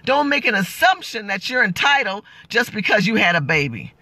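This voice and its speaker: A woman's voice: medium pitch, big pitch swings, moderate pace, pushed and bright, no room sound. A middle-aged woman delivering an impassioned political vlog rant, blunt and fiery, firing off rhetorical questions and curses. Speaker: political commentator.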